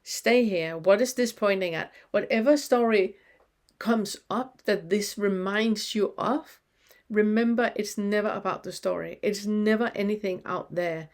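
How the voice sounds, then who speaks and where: Gentle woman guiding inner reflection. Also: mid-range voice. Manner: slow, gentle questioning with pauses. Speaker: spiritual teacher. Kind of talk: guided spiritual teaching.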